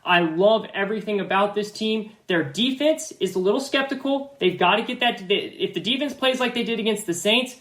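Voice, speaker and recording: Fairly bright and high, the host's voice carries a roomy sound as he analyzes football on his podcast. He states his views with emphatic confidence and tends to repeat himself.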